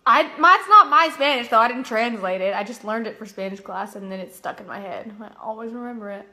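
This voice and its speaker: Bright-voiced young woman chatting casually. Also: a little high, animated, fairly quick. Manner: chatty, giggly, breaks into song. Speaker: livestream host, singer. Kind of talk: casual livestream chat, reading comments. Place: home kitchen.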